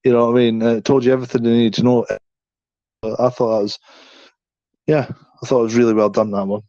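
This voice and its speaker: A man's voice: mid-range voice, flat delivery, a little fast, mellow, no echo. A man co-hosting a podcast in casual chat, rambling with many restarts and "you know what I mean". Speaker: podcast co-host. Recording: dry, slightly dull sound.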